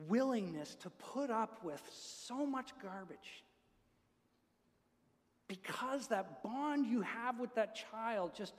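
High-voiced preacher in a reverberant hall. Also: male voice, fairly bright tone. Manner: earnest, builds to emphatic peaks. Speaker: pastor. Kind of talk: sermon. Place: church. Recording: long reverb of a church hall.

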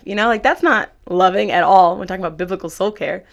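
A woman's voice: mid-range voice, fairly quick. A young woman casually telling a faith story, acting out quoted dialogue with lots of "like". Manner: animated, acts out quoted dialogue, many "like"s.

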